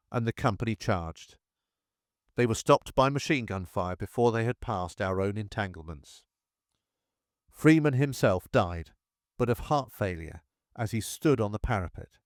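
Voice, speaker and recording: A man's voice: lowish voice, no echo. Man reading in a dry, close voice. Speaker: narrator. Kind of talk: audiobook narration of a war memoir.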